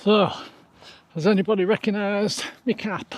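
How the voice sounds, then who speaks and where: A man's voice: high-pitched, fairly even intonation, moderate pace, soft background music. A middle-aged man, chatting casually to an action camera outdoors and laughing often at himself. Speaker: trail running vlogger. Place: outdoors on a trail.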